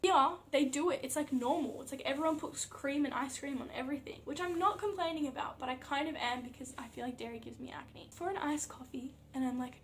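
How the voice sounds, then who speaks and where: A young Australian woman, an athlete vlogger, chatting casually to camera in an animated storytelling way, full of fillers. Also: high-pitched, brisk, slight background noise.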